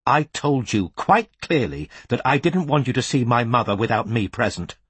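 A man reading an audiobook, voicing an agitated thin male client who shouts in a high voice that cracks into falsetto. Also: animated, moderate pace, slightly rough, dry recording. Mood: furious. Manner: furious accusing outbursts.

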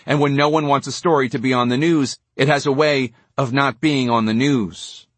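A man's voice: medium pitch, fairly even intonation, moderate pace, no echo, lightly acted. A man voicing a nasal, menacing male political aide who speaks in a cold, threatening way.

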